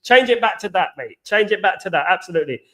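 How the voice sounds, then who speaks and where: His voice sits high, with lively intonation, a sharp tone and a fast delivery: he's an East London man hosting a football fan show on a live stream. The chat is casual and repetitive, he reads out viewer comments and often says "absolutely."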